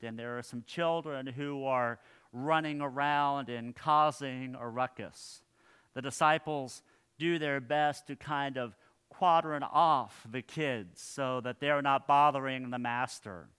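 A male pastor preaching a sermon in a church, earnest, his phrases trailing off softly at the ends. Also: medium pitch, smooth.

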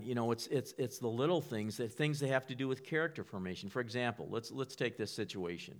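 A man preaching a sermon in a conversational way. He often repeats and restarts words and sometimes whispers a line to act out an inner voice. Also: medium pitch. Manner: acts out inner voices, whispers a quiet prompt.

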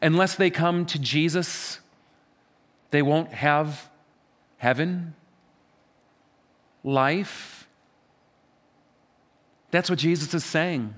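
A man preaching a sermon from a church stage, emphatic and repetitive, swinging between loud stresses and quiet asides. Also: extremely slow, long pauses. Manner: emphatic, repeats phrases, wide swings in pitch and loudness. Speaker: pastor.

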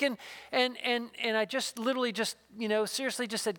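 A man preaching a sermon, earnestly telling a personal story and dropping to a hushed voice in its intimate moments. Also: very high voice, very animated, fast talker, no echo. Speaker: pastor.

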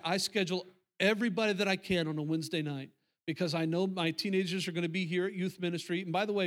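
A high-pitched, fairly bright voice belongs to a middle-aged pastor preaching in a church sanctuary. He addresses his congregation conversationally, circling back to phrases to emphasize them.

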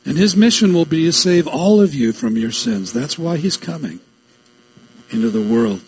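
A man preaching a sermon as a pastor, reading scripture aloud with slow, stressed phrasing and breaking off into quick asides. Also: a little high, animated, a little mellow, slight background noise.

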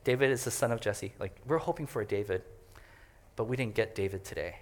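A man's voice: fairly low pitch, a little fast. A man preaching a conversational sermon as a pastor, joking and chatty as he explains a passage. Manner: joking and chatty, laughs often.

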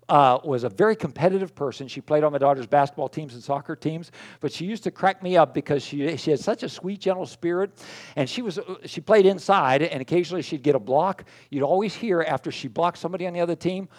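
A middle-aged man preaching a conversational sermon, self-deprecating and full of fillers and restarts. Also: on the high side. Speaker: pastor.

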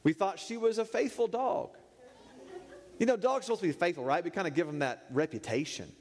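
A man preaching, telling a funny story in an animated, playful way. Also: high-pitched, brisk. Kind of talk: humorous sermon storytelling. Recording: echoey hall reverb.

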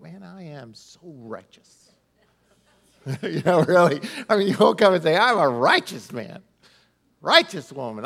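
A middle-aged male pastor preaching a sermon in an animated, humorous way, with laughs and asides to the congregation. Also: high voice.

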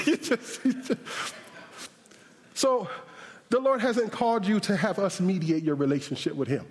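A male pastor preaching an animated, humorous sermon with shouted bursts, then praying in a softer voice. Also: sits high, unhurried. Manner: closes in a softer prayer. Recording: reverberant hall.

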